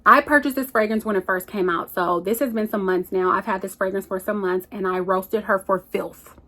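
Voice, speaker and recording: A woman's voice: medium pitch, brisk, a bit bright. A woman chatting casually about perfumes, sassy and playful, calling her viewers "y'all" and "girl". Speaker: perfume vlogger. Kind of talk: casual chat reviewing perfumes.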